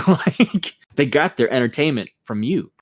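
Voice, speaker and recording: A male podcast host in a casual chat, speaking at a middling pitch. He is blunt and exasperated and swears freely as he makes his points. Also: lively intonation, measured pace.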